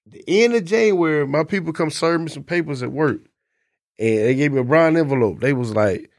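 A man's voice: on the high side, no room sound, studio quality. A man, co-hosting a casual chat and telling a long personal story in a laid-back, profane way. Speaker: podcast co-host.

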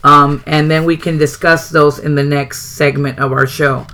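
A man's voice: on the high side, little pitch movement, moderate pace, sharp tone. A man hosting a show who reads passages from a writing guide aloud and adds short asides, with occasional ums. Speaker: host reading a writing guide. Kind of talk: reading a book aloud with comments.

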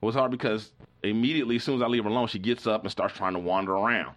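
A man's voice: on the low side, very fast. A middle-aged man hosting a podcast, telling a long story in a loose, rambling way and acting out the voices of the people in it. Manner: animated, acts out the voices of people in his story; rambling, full of "like" and restarts. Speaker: podcast host. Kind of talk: casual storytelling.

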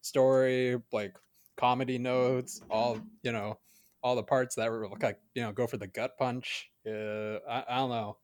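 A man's voice: mid-range voice, level tone, unhurried, darkish tone. A man co-hosting a casual podcast, rambling with lots of "like" and "you know" and laughing along. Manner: rambling, many fillers, laughs. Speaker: podcast co-host. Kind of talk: casual chat.

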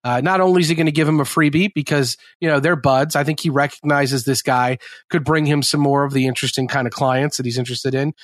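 A man's voice: fairly high pitch, fairly even intonation, quick pace, dry recording, studio quality. A man co-hosting a podcast, chatting casually about a TV episode and acting out character lines. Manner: conversational, acts out character lines in quotes. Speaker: podcast co-host.

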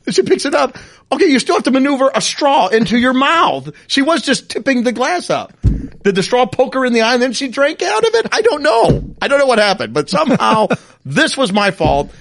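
A middle-aged man co-hosting a casual chat, telling a story in an animated, laughing, mock-outraged way. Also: extremely high pitch, moderate pace. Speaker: podcast co-host.

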